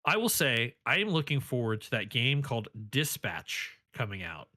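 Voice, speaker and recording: Bright lively male podcast co-host. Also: medium pitch, moderate pace, dry recording, clean studio sound. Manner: enthusiastic, jokey. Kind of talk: casual chat.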